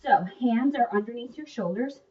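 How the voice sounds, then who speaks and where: This fitness instructor, a young adult woman, talks through a workout video at a moderate pace, her voice on the high side. She's encouraging and chatty, interrupting herself with laughs, and she sounds muffled, being far from the mic.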